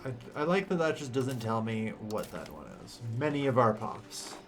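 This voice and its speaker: A young man livestreaming a strategy game, exasperated and quick to swear, jumping from flat muttering to loud bursts of frustration. His pitch sits in the middle of the male range, and faint music plays underneath. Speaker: streamer. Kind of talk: casual game stream commentary.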